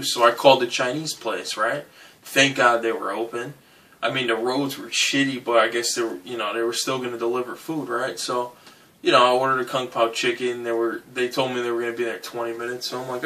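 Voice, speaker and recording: A man's voice: mid-range voice, fairly even intonation, a little fast, a bit bright, distant mic. A young man who grew up in Connecticut telling a rambling, profane comic story, often asking "right?". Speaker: comedian.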